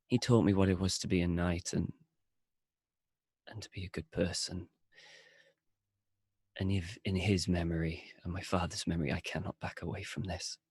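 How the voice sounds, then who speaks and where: A dutiful young knight's son, grieving and close to tears, as a man plays him in a tabletop game. His voice is deep and husky, with a gravelly edge. He speaks slowly and haltingly. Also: darkish tone, no echo, full character voice. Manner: tearful, halting. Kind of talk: tabletop role-play in character.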